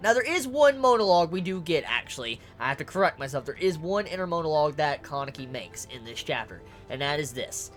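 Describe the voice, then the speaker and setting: A manga reviewer giving casual video commentary, ranting excitably with lots of swearing and stuttered repeats. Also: mid-range voice, brisk, hardly any pauses, faint music behind.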